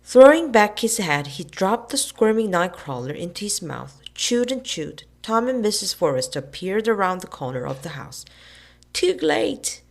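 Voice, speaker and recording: A woman narrating a storybook aloud in an expressive way, switching into voices for the characters. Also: medium pitch, moderate pace, few pauses. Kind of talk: storybook reading.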